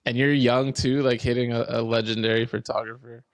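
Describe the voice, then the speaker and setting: Guy hosting a podcast, jokey and cussing, normal pitch. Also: level tone, a little fast. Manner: joking, swears freely. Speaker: podcast host. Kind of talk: casual chat.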